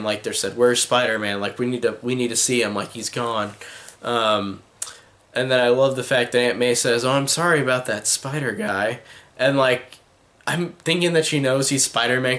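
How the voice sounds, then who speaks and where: A man's voice: mid-range voice, fairly bright tone. Rambling, enthusiastic young man reviewing films. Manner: rambling and enthusiastic, many restarts and "like" fillers. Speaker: movie reviewer. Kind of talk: casual spoken film review.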